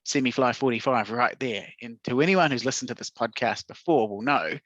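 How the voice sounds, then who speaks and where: A man's voice: medium pitch, a little fast, fairly bright tone, dry recording. A man co-hosting a podcast, telling stories against himself in casual chat. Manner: self-mocking storyteller, laughs at himself. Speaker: podcast co-host. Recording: dull dry lo-fi recording.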